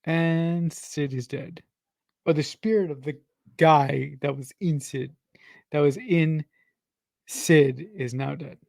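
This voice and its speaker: Slow-talking, laughing watch-along host. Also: medium pitch, gravelly, a little mellow, no echo, clean studio sound. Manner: reactive, laughs often, swears, exclaims; stumbles and restarts while explaining plot points. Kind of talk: casual reaction commentary while watching an episode.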